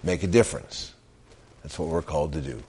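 A man preaching a sermon in an earnest way, stressing phrases with pauses and slipping into casual storytelling. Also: very deep voice, a little mellow, slightly rough. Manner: conversational storytelling with restarts. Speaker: pastor.

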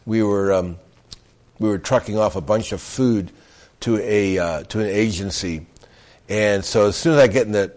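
Earnest male pastor preaching, lowish voice, chatty asides. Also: a little mellow. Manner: earnest, repeats phrases with emphatic pauses; conversational storytelling with restarts. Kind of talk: sermon.

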